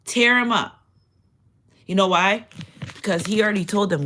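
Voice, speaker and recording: A woman of middling pitch gives a casual spiritual tarot reading, speaking straight to her viewers. She is emphatic and swears freely, her loudness swinging up and down for emphasis. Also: brisk. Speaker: tarot reader.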